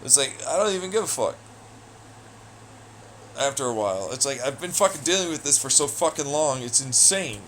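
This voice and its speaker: A man ranting alone in an audio blog, profane, taunting and hostile, swinging between loud jeers and low muttering. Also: animated, fairly quick, long pauses, a little hiss or hum. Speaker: audio blogger. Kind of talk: angry solo rant.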